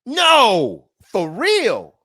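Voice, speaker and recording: A man hosting a comedic radio talk show, reacting quickly and laughing often with his guests. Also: very high-pitched, huge pitch swings, pushed and bright, dry recording.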